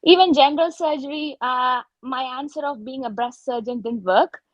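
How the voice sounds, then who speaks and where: Speaking at a moderate pace in a high voice, a woman surgeon recounts her exams openly at an informal online meet-up, regularly correcting herself mid-sentence. The audio is lo-fi, with no echo.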